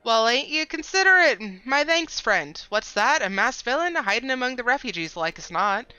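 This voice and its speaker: A woman voicing a folksy, old-fashioned-speaking male sentry in a game, talking loud and high. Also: big pitch swings, moderate pace, smooth, dry recording, muffled recording. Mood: chatty.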